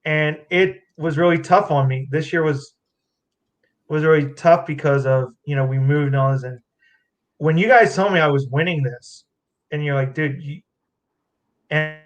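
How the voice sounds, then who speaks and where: Guy choking up accepting an award, kinda high voice, keeps restarting. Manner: emotional, near tears, halting restarts. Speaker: award winner, fighter. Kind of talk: emotional acceptance talk.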